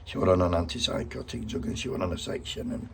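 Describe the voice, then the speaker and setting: A man's voice: deep voice, quick pace, gravelly, a little hiss or hum. A middle-aged man giving a blunt, heartfelt spoken tribute and swearing freely.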